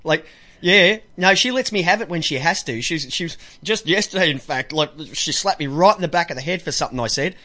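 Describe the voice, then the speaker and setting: A man's voice: a little high, animated, brisk, sharp tone. A man with an Australian accent hosting a radio show, bantering casually, joking and laughing often as he tells stories. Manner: joking, laughs often, acts out voices in anecdotes.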